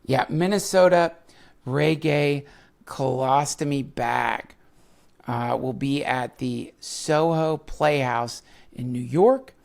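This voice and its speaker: A man's voice: medium pitch, animated, slow pace, a little mellow. A man hosting a podcast, rambling through a casual ad read with fillers and self-mocking asides. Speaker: podcast host.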